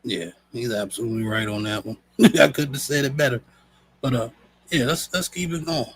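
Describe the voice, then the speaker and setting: A man hosting a live stream, casual and slangy, shouting out viewers. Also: mid-range voice, normal speed, breathy edge, no room sound, low-quality recording. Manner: laid-back, slangy, says "you know what I'm saying". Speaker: show host.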